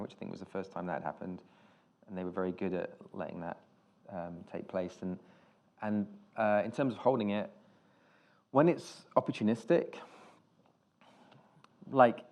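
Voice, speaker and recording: A man's voice: low-pitched, fairly quick, pauses often, darkish tone. A British man, a film director, telling anecdotes on stage in a rambling way, with restarts and casual swearing. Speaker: film director, interview guest. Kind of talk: live on-stage conversation.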